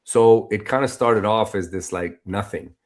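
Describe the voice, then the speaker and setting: A man guest on a podcast, telling a story in a loose, animated, conversational way with lots of filler phrases. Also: on the low side, a little slow. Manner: animated, loose and conversational, full of "you know" and "like". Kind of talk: casual storytelling interview.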